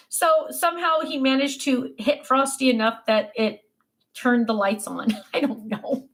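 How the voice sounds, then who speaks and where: An older woman, a grandmother, chatting casually and telling family stories with many fillers and restarts. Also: fairly high pitch. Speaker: craft vlogger. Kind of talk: casual chat.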